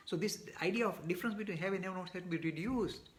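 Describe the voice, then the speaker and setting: A man's voice: high voice, quick pace. A man answering audience questions in a live online talk, speaking emphatically with frequent restarts and repeated words. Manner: gets worked up.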